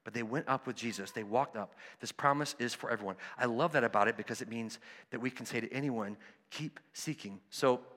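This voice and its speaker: A man preaching a sermon, conversational and animated, acting out the voices of people in his stories. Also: medium pitch, fairly quick, long reverb tail. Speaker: pastor.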